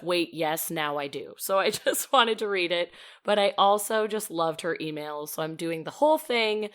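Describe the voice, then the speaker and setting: Chatty woman podcast host, lowish voice. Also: moderate pace, few pauses. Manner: chatty and expressive, laughs often. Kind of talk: casual chat, reading a listener email aloud.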